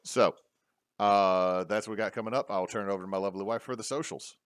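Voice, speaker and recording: A man hosting a casual podcast, rambling with many fillers and pauses. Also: lowish voice, smooth, dry recording, clean studio sound. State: hiccups. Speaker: podcast host.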